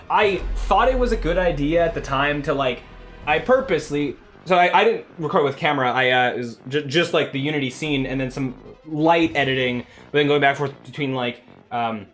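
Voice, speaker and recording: A man's voice: fairly high pitch, fairly bright tone. A man chatting casually on a game development livestream, rambling with many restarts and fillers.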